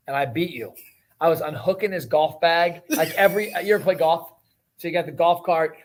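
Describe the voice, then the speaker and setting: A man hosting a casual chat, telling stories and joking with his father. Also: on the high side. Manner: joking, storytelling, fast and animated. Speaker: podcast host.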